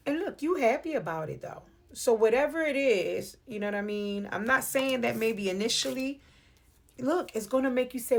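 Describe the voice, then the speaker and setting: A woman's voice: a little high, vocal fry. Chatty New York woman reading tarot. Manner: chatty, playful, addresses viewer as beloved. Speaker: tarot reader. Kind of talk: casual spiritual reading to camera. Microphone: phone or webcam on video.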